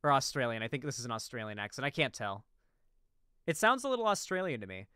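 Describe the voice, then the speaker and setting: A man's voice: mid-range voice, big pitch swings, quick pace, bright, forceful tone, clear, resonant tone, dry recording, studio quality. A man streaming, reacting to a video in casual, rambling chat full of restarts and asides.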